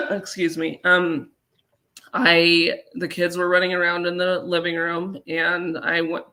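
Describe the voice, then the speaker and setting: Colorado woman telling her story on an interview show, halting with lots of ums, kinda gravelly voice. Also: fairly low pitch, bright, forceful tone. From Colorado, USA. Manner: halting, earnest retelling with many fillers. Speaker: guest.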